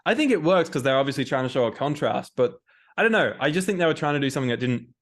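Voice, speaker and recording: An Australian man hosting a casual recap podcast. He talks in a loose, rambling way, full of slang and the odd swear word, at an ordinary middle pitch. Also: animated, very fast, fairly bright tone. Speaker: podcast co-host.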